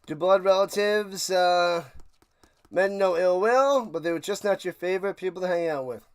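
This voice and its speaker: A man's voice: sits high, normal speed, smooth. A man hosting a live game watch party stream, calling plays and ranting sarcastically to his chat. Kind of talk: live play-by-play and casual rant.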